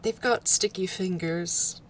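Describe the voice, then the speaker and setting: Slow, hesitant low-voiced woman. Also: a little hiss or hum. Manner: hesitant, lots of ums and trailing off. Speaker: tabletop role-play player. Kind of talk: casual in-character role-play chat.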